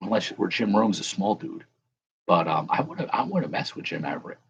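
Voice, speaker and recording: A man's voice: fairly low pitch, very animated, a little fast, dull audio, slight background noise. A man hosting a casual live chat, rambling and correcting himself as he answers viewers. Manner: rambling, self-correcting, chuckling. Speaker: livestream host.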